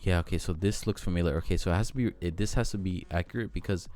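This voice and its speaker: A man's voice: low voice, fast, a little mellow, soft background music. A young man with a Mexican American accent, rambling casually in a vlog, interrupting himself and swearing now and then. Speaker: vlogger.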